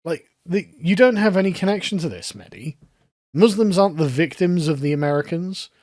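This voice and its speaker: A man's voice: sits high, lively intonation, a little fast, darkish tone, dry recording, clean studio sound. A man giving scoffing, sarcastic commentary on a video clip. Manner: sarcastic, scoffing, laughs at his subject. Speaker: online commentator. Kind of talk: mocking commentary on clips.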